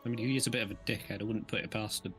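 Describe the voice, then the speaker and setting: A man's voice: on the low side, steady tone, very fast, fairly bright tone, soft background music. A man playing in a tabletop game, rambling and self-mocking as he talks in a put-on Scottish accent. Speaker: player. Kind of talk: tabletop role-play in character.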